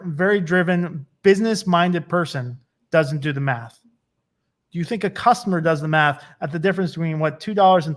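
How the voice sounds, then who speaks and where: A man being interviewed as a business consultant. He talks emphatically in a casual style, tells stories that build to a point, and keeps checking in with "right?". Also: fairly high pitch. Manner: storytelling, builds up to punchlines.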